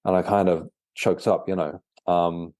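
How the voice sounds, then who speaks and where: Deep, mellow man telling his story. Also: little pitch movement, dry recording, studio quality. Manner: halting, with frequent repeated words and fillers. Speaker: guest, author and medium. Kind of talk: casual storytelling interview.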